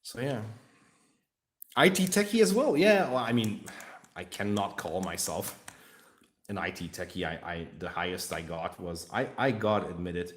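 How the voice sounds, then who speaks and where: A man's voice: low voice, animated, a little slow, slight background noise. A man from Hungary with a Hungarian accent, hosting a casual livestream chat and talking in an outspoken, rambling way. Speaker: livestream host.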